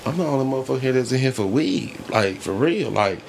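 A man hosting a podcast, telling stories in a profane, animated way and often breaking into laughter. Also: mid-range voice, fast talker, gravelly, a little hiss or hum. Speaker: podcast host. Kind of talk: casual storytelling chat.

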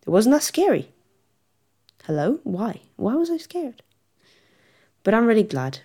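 A woman's voice: fairly high pitch, sing-song, measured pace, dark tone. A young woman vlogger talking casually and at length to her viewers, rambling and laughing often as she reassures herself and them. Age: young adult. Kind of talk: casual chat to camera.

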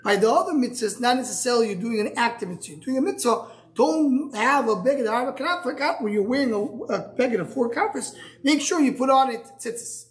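Halting man teaching a Talmud class. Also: very high-pitched, animated. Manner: explains step by step, asks and answers himself; halting, restarts words. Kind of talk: live Gemara class.

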